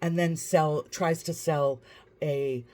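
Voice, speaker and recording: A woman's voice: deep voice, fairly even intonation, takes it slowly, a little mellow. A woman vlogger telling a story to camera in a dry, wry, matter-of-fact way.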